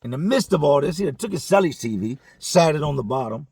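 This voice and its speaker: Fast-talking gravelly male storyteller. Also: fairly high pitch, lively intonation, darkish tone, no echo. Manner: profane, slangy, conversational. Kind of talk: casual storytelling.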